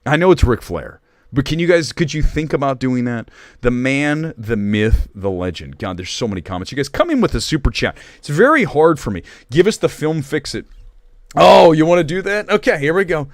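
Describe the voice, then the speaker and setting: A man's voice: medium pitch, sing-song, brisk, no room sound, clean studio sound. A man hosting a live stream of movie talk, joking and rambling as he reads viewer comments. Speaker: host.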